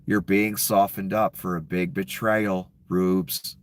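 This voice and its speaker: A man's voice: sits low, flat delivery, takes it slowly. A man delivering an angry, profane political rant. He is scornful and sarcastic, and he stops to read headlines aloud. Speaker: political commentator.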